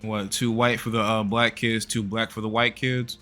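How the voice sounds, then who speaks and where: A man's voice: lowish voice, little pitch movement, moderate pace, sharp tone, soft background music. A man hosting a reaction video, commenting in a blunt, profane rant. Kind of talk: casual commentary.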